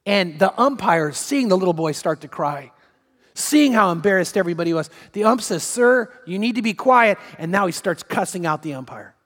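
A man's voice: high voice, expressive, brisk, a bit bright, big-room sound. A man preaching a sermon as pastor, emphatic, repeating key phrases and acting out the quotes he reads.

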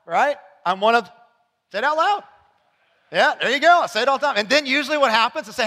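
A man preaching in a high, bright voice that cuts through the space. He talks conversationally, sliding from quiet asides into loud, emphatic lines. The sound rings out with a long reverb from the church hall around him. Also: lively intonation, fast. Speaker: pastor. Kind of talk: sermon. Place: church sanctuary.

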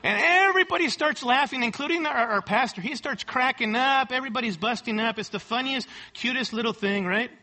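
A pastor preaches to his congregation in a high, forceful voice. He leans hard on key words, repeats them for weight, and keeps checking in with a quick "right?". The tone is that of a church sermon. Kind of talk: expository sermon. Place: church service.

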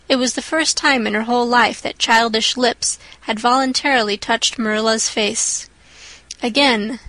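A woman reading a classic novel aloud in a measured, gentle narration. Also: fairly high pitch, dry recording, low-quality recording. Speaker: audiobook narrator. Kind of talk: storybook narration.

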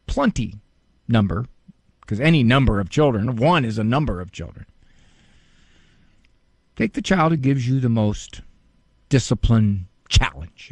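A man's voice: medium pitch, no room sound. A man hosting a radio advice show as a psychologist, talking in a wry, joking way. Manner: wry, joking, animated, with playful word games. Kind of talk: casual radio monologue. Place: radio studio.

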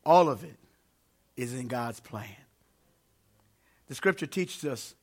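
A man preaching a sermon to a congregation in a church, emphatic and growing loud when he quotes scripture. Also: mid-range voice, expressive, drawn-out words, pauses often. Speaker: pastor.

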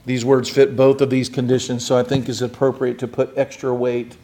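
A man preaching a sermon, building up to loud, rising emphasis and then dropping to a hushed, quiet delivery. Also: mid-range voice, little pitch movement, brisk. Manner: dramatic, swelling to loud emphasis and dropping to near whispers.

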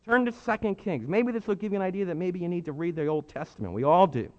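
A man preaching a sermon with emphatic delivery, swinging between hushed and loud. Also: sits high, animated, fast. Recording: muffled sound with long hall reverb.

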